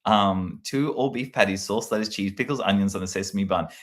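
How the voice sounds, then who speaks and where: A man chatting casually and rambling, with lots of fillers, hosting a live stream. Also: brisk. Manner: meandering, animated, lots of fillers, jumps to shrill put-on quotes. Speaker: livestream host.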